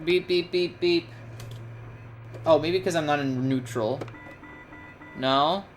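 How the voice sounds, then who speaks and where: A woman's voice: sits low, slow pace, soft background music. A young woman streamer commentating live on a game, flustered and joking, with lots of exclamations.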